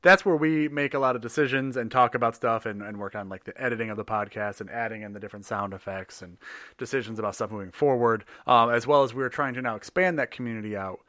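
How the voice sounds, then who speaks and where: A man's voice: medium pitch, quick pace, fairly bright tone, no echo, clean studio sound. A man co-hosting a podcast, chatting casually with many fillers and frequent laughs. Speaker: podcast co-host. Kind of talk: casual chat.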